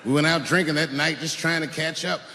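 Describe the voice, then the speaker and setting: A man doing live stand-up on a large theater stage. His storytelling is profane and animated, and he shouts his punchlines. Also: fairly high pitch, brisk. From Washington, D.C. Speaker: stand-up comedian. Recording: echoey hall with live audience noise.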